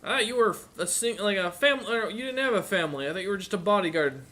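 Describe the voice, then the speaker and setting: A man voicing an angry male merchant leader who talks in a loud, exasperated way and swears. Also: high voice, lively intonation, quick pace, pitched above the performer's own voice.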